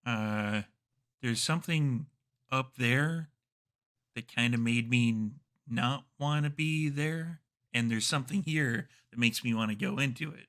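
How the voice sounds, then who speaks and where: A bewildered young ghost who cannot recall how he died, as a man puts him on. He speaks slowly and haltingly and keeps losing his thread. The voice sits at an ordinary middle pitch. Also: a bit bright. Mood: hesitant. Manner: vague, hesitant, trailing off. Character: hazy confused male ghost, recently dead.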